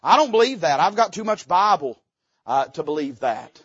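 Brief: male pastor, high voice, fervent folksy sermon delivery, dry and slightly dull recording. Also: very animated, moderate pace, husky, no echo. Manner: fervent, folksy, with sudden loud rises and dips. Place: church sanctuary.

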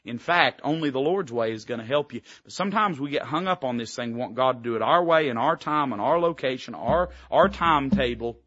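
A man's voice: medium pitch, animated, a little fast, few pauses, a bit bright, no room sound, dull audio. A man preaching a sermon as pastor, folksy and emphatic, throwing out rhetorical questions to the congregation. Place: church sanctuary.

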